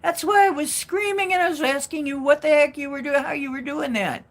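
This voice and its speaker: Shrill frightened phone caller, high and pleading, insistent questions, as a woman storyteller acts her out. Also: brisk.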